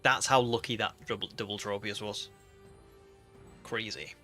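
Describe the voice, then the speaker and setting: British male streamer, bright chatty voice, rambly, faint music behind. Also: lowish voice, fairly even intonation, normal speed. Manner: chatty, reads chat aloud, rambling with fillers. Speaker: game streamer. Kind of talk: casual live-stream chat.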